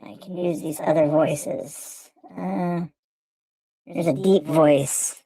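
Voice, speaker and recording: A man testing a high-pitched voice changer filter on his livestream. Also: steady tone, takes it slowly, vocal fry, warm tone, no room sound, heavily acted, low-quality recording. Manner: curious, trying out each setting.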